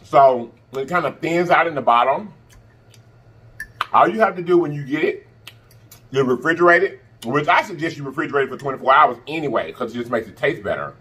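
A man's voice: mid-range voice, animated, brisk, pushed and bright, a little hiss or hum. A man vlogger talking casually to camera, chatty and repeating himself for emphasis. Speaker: mukbang vlogger.

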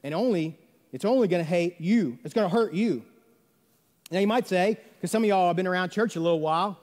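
A man's voice: high-pitched, brisk, a little mellow. A male pastor, preaching a conversational sermon full of rhetorical questions and quoted voices. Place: church sanctuary. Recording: reverberant church sanctuary.

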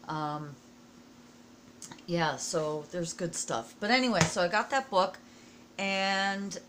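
A hoarse, fairly low-voiced middle-aged woman from the United States speaks to her viewers in a casual vlog. She gets emotional and keeps clearing her throat. A faint noise sits under her voice. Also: takes it slowly. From USA. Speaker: vlogger. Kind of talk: casual personal vlog talk.

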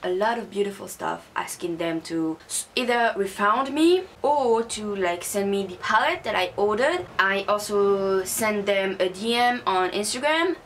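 A woman's voice: medium pitch, expressive, unhurried, few pauses, fairly bright tone, a little hiss or hum. A young woman, not a native English speaker, angrily ranting in a casual beauty vlog, recorded at home on a camera mic. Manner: angry, swearing rant. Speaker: beauty vlogger.

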